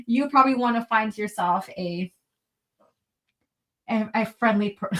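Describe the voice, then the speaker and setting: A young woman with a somewhat high voice chats on her live stream from home. She rambles loosely, giggles often and swears freely while reading out viewer comments. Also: a little slow, pauses often. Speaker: livestream host reading chat. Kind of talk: casual live-stream chat. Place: at home, indoors.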